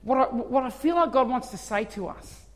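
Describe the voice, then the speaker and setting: A man, a pastor telling a story in a sermon, swinging from soft talk to shouting. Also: extremely high pitch, animated, normal speed. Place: church hall. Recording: long hall reverb.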